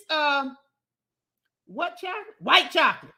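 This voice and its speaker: A woman's voice: high voice, sing-song, normal speed, sharp tone, slight background noise. A woman hosting a call-in livestream, talking emphatically in a folksy way and repeating words as she builds a point. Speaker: call-in show host. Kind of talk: casual livestream talk show.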